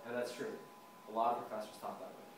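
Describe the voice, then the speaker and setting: A young man giving a prepared club speech to a live audience, animated, acting out dialogues and laughing at his own jokes. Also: medium pitch, fast talker, noisy background. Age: young adult. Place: meeting room with a live audience. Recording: echoey room, mic from far off.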